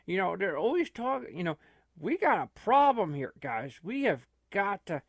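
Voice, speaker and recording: Brief: man doing a stammering old man in a panic, lively swooping pitch, bone-dry sound. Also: moderate pace, no room sound, heavily acted. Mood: alarmed. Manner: rambling, stammering. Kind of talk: comic improvised role-play.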